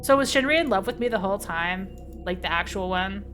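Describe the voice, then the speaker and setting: A woman streamer reading a visual novel aloud and reacting in a blunt, profane, excitable way. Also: mid-range voice, brisk, soft background music.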